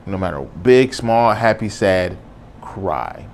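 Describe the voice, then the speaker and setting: A man with a low, deep voice and a gravelly edge hosts a solo podcast. He talks in an earnest, reflective way, casual and loose, dropping "bro" as he goes. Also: lively intonation, slow pace, slight background noise. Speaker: podcast host.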